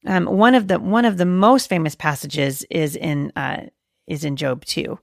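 A woman's voice: low voice, steady tone, measured pace, vocal fry, no room sound, studio quality. A woman host giving an earnest devotional talk to moms, quoting scripture with frequent fillers and restarts. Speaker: podcast host teaching moms.

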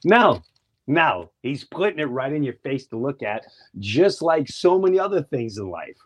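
A man's voice: mid-range voice, very animated, moderate pace. A man co-hosting a casual talk show, speaking animatedly and mimicking other people's voices. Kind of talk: casual conspiracy chat.

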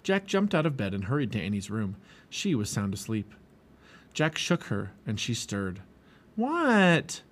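A man reading a children's storybook aloud in an expressive, lively way. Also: lowish voice, normal speed, slight background noise. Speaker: storybook reader.

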